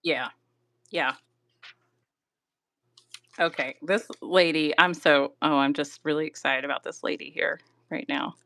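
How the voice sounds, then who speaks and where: A woman's voice: sits low, steady tone, a little slow, vocal fry, pauses often, fairly bright tone, no room sound. A middle-aged woman from Georgia with a mild Southern accent, chatting casually and self-deprecatingly on a craft livestream. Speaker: guest crafter.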